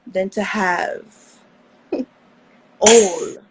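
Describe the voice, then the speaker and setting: A woman's voice: mid-range voice, drawn-out words, slightly rough, exaggerated voice, poor audio. Woman doing a put-on British lady, theatrical and seductive, flirting hard. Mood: flirtatious. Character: flirty posh English lady.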